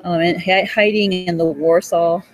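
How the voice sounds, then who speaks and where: In a hospital cafe, a woman in her forties rants in a rambling, accusatory way, breaking into laughter and profanity. Her voice is on the low side, steady and measured in pace, on a rough recording.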